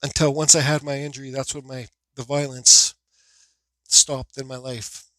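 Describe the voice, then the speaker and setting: A man's voice: medium pitch, little pitch movement, moderate pace, bright, forceful tone, no echo. A man who carves wood, telling a rambling personal story in blunt, profane, casual talk. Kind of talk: casual storytelling while carving.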